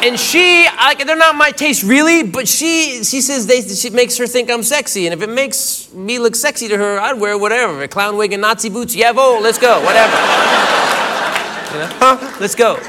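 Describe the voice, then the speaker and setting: A man telling a rambling, animated stand-up story, often laughing between lines. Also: extremely high pitch, normal speed. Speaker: stand-up comedian. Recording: live club recording with loud crowd. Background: loud audience laughter and room noise.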